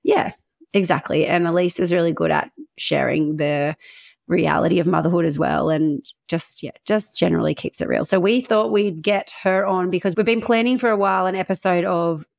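Chatty woman with a gravelly edge. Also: lowish voice, normal speed, a little mellow. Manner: chatty, laughs often, many fillers. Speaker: podcast co-host. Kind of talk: casual chat.

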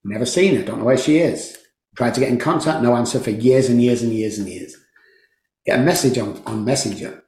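A man's voice: mid-range voice, moderate pace, a little mellow. Emphatic man in a roomy space. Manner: emphatic, fervent, repeats phrases for force. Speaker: podcast guest, addiction recovery program founder. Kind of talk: emotional storytelling interview. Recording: roomy echo.

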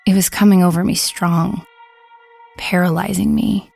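Woman, horror story narrator, fairly low voice, very slow, measured, brooding. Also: fairly even intonation, gravelly, darkish tone, faint music behind.

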